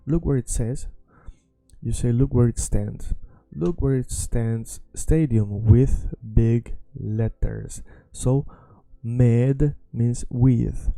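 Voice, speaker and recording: A man with a Swedish accent, a native Swedish speaker, giving a language lesson and patiently repeating words slowly to drill pronunciation. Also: medium pitch, vocal fry, dark tone, no room sound.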